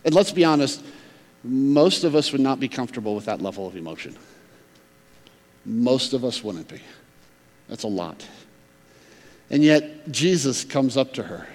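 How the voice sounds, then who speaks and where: A man preaching a sermon, swinging between emphatic loud stretches and hushed near-whispers. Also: mid-range voice, expressive, normal speed, long pauses, big-room sound. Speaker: pastor.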